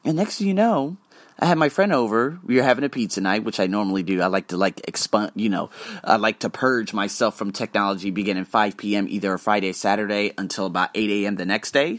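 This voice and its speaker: A man hosting a podcast, telling a casual story in an animated way, swearing freely and acting out the lines of the people in it. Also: mid-range voice, no room sound. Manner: animated, swears freely, acts out quoted dialogue. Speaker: podcast host.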